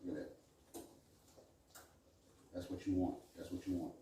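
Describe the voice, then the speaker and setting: A middle-aged man hosts a relaxed cooking demonstration, talking viewers through each step with easy jokes and asides. His voice sits low and mellow. He is recorded from a distance in a very echoey home kitchen, with faint background noise. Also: a little slow. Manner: chatty, joking asides to viewers. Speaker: cooking show host.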